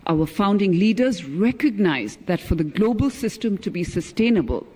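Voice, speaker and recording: A middle-aged man, a former ambassador giving a formal keynote speech in an emphatic, measured way that leans on key words. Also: high voice, animated, a little mellow. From India. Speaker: former ambassador, conference speaker.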